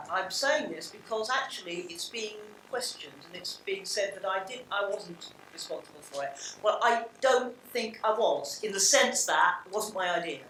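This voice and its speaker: A woman's voice: medium pitch, a bit bright, slight background noise. Older London woman speaking in a hall. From England. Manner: blunt, reflective, with many restarts. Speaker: panel speaker. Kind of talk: public talk. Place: large hall. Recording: roomy hall sound from a distance.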